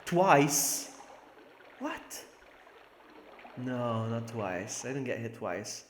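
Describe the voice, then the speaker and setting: A man's voice: medium pitch, slow, few pauses. A man live-streaming a video game, joking with chat and laughing often. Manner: joking, excitable, laughs a lot. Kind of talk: live gameplay commentary. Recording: echoey room with faint noise.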